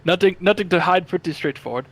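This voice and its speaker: Man, tabletop player in character, gruff and loud, slightly high voice. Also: fast talker.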